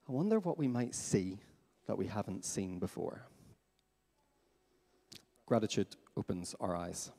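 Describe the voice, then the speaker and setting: A man preaching a sermon as pastor in a church, lively and questioning his congregation. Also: fairly low pitch, a little slow, gravelly, pauses often. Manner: animated, asks the congregation questions. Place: church hall. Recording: long hall reverb.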